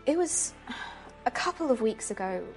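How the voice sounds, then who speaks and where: A woman's voice: fairly high pitch, big pitch swings, normal speed, soft background music. A woman game master voicing a frightened elderly woman held in an asylum, speaking hesitantly and stammering in a tabletop role-play. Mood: worried.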